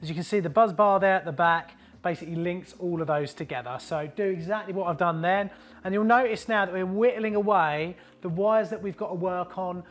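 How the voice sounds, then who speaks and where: A man's voice: high voice, fairly quick. A man hosting a plumbing tutorial, talking in an upbeat, chatty, matey way while showing his work. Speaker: plumber host. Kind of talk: casual how-to tutorial.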